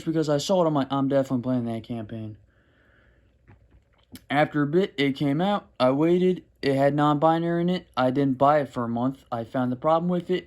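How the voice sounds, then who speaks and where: Rambling young man with a mellow voice. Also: fairly high pitch. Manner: rambling, restarts, frustrated sarcasm. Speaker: gaming commentary youtuber. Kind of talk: unscripted gaming rant.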